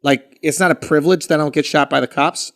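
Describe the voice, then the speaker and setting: High-voiced man talking bluntly. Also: fairly even intonation, quick pace, vocal fry. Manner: blunt and profane, argues his point at length. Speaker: podcast co-host. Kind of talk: casual chat.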